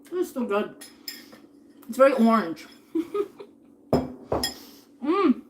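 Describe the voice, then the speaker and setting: During a dinner live stream, a woman in her thirties rambles casually, reads viewer tips aloud, thanks people and occasionally talks while chewing. Her voice is a little high and slow, with big pitch swings.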